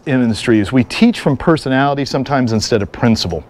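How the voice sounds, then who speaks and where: A middle-aged man teaching a live seminar, an energetic instructor who jokes and tells stories to the class. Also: mid-range voice, fast talker, hardly any pauses, a little hiss or hum. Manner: energetic, joking storyteller. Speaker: firearms and martial arts instructor.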